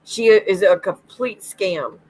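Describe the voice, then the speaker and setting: A woman's voice: medium pitch, slow pace, darkish tone, a little hiss or hum, low-quality recording. A woman hosting a livestream as a psychic medium, ranting bluntly and swearing freely.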